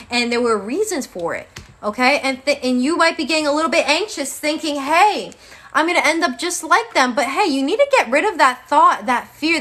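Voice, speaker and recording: A woman's voice: high-pitched, sharp tone. A young woman giving a casual live-stream tarot reading, chatty and tired, calling her viewers babe. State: tired, yawning. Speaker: tarot reader.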